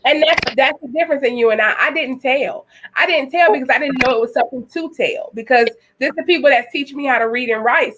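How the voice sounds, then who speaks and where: A woman author speaks as a talk show guest, earnest and reflective, and often affirms the host. Her voice sits fairly high. A faint hiss runs in the background. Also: fairly bright tone, rough recording. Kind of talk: casual interview conversation.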